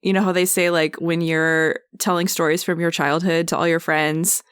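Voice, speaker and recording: A woman co-hosting a casual tabletop roleplaying podcast, chatty and animated, laughing often as she talks. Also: lowish voice, normal speed, smooth, no room sound, studio quality. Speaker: podcast co-host, player.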